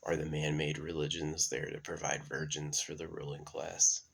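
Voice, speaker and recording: A man with a deep, gravelly voice who drifts from thought to thought, full of ums and half-started sentences. His tone is husky and rough at the edges. He sounds like someone thinking out loud on his own channel. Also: completely flat delivery, moderate pace. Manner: meandering, many fillers and restarts. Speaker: channel host. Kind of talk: casual rambling monologue.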